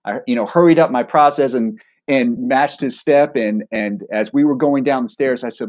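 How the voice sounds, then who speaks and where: A middle-aged man, a former hostage negotiator, telling a story from his own experience as a podcast guest. He speaks in a calm, deliberate way and pokes fun at himself with wry laughs. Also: mid-range voice. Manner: self-deprecating, with wry laughs. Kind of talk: anecdotal storytelling in a podcast interview.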